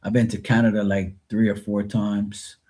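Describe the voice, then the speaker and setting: A man's voice: fairly low pitch, little pitch movement, normal speed, mellow. A man from Bermuda with a Bermudian accent, chatting loosely and rambling to viewers of his live tarot stream. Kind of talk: casual live-stream chat.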